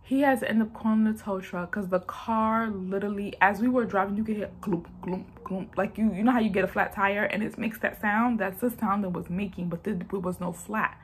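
Chatty young New woman, husky voice. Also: mid-range voice. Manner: chatty, addresses viewers as y'all, acts out quotes. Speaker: vlogger telling a story. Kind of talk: casual storytime chat.

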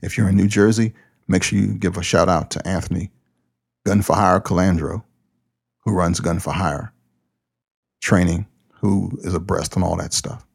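A man's voice: low-pitched, fairly even intonation, moderate pace, gravelly, long pauses, slightly rough. A man who hosts a podcast and pastors a church, talking in a loose, plain-spoken, conversational way. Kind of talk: casual podcast talk.

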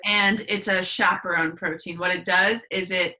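A woman talks as a podcast guest, laying out explanations with many fillers and self-corrections. Her voice is a little low but bright and forward. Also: steady tone, moderate pace, low-quality recording. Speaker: podcast guest, herbal medicine practitioner. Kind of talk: casual explanatory chat.

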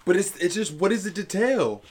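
A man's voice: high-pitched, lively intonation, moderate pace, a little hiss or hum. A man co-hosting a casual chat, rambling and profane, laughing often. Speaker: podcast co-host.

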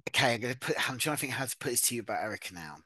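Podcast host, super animated up-and-down voice, dry close sound. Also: mid-range voice, rapid-fire, dry recording. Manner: animated, swearing, gossipy storytelling. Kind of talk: casual chat.

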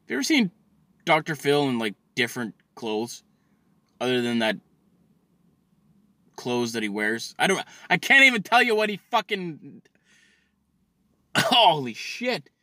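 A man on a profane comic rant in a bright, sharp voice pitched somewhat high. His delivery is very lively, jumping from loud outbursts to grumbling mutters. He stammers and restarts as he fumes, and the sound is dry and close. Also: a little slow, long pauses, dry recording. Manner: swears constantly, stammers and restarts; agitated, swings between loud outbursts and mutters.

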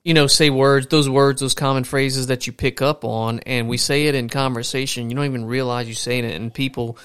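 Relaxed host. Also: male voice, mid-range voice, a little fast, smooth. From Louisiana. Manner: relaxed, rambling, many fillers. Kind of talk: casual conversation.

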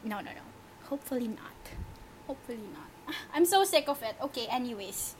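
A woman's voice: on the high side, lively intonation, a little fast, slight background noise, rough recording. A young woman co-hosting a casual podcast, chatty and full of filler words. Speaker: podcast co-host. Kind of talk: casual chat.

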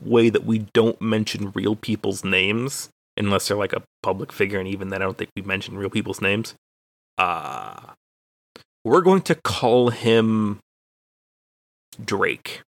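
A man's voice: lowish voice, gravelly, no room sound. A young man from Texas, a podcast co-host, telling a rambling, profane, self-deprecating story in casual chat.

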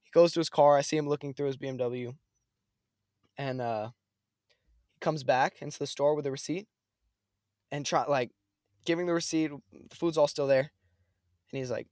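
A young man chatting casually, telling a story in a lively, slangy way. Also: on the high side, moderate pace, long pauses, no echo, studio quality. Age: young adult. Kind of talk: casual chat.

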